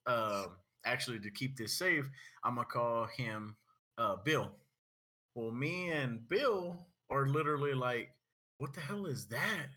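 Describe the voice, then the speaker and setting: A young man in casual chat, telling a story with animated, laughing energy. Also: medium pitch.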